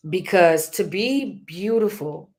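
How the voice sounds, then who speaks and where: A woman's voice: lowish voice, expressive, slow, a little mellow. Woman, middle-aged, earnest storyteller, prays aloud, casual host talk. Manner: earnest, prays aloud, laughs through a funny memory. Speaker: podcast host. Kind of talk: personal storytelling and reflection.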